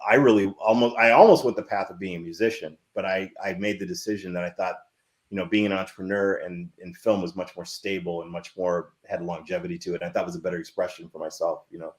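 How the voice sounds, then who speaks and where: A man in his fifties, a filmmaker guest telling stories in a casual interview, animated and rambling with many restarts. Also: deep voice.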